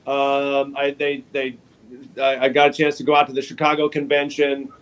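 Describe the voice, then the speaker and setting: A man's voice: mid-range voice, monotone, rough recording. Man telling stories over a video call. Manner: rambling, halting, chuckling. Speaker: guest comic artist. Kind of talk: casual anecdotal storytelling.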